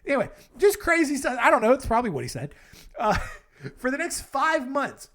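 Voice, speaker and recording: A man hosts a comedic storytelling podcast with a fairly high voice. He talks in a rambling, casual way, breaking off for jokey asides and correcting himself as he goes. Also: huge pitch swings, normal speed, fairly bright tone. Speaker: podcast host.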